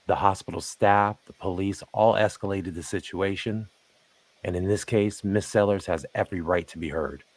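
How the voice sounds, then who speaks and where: A man narrating commentary over footage in a measured, pointed way, asking rhetorical questions. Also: deep voice, steady tone, no echo.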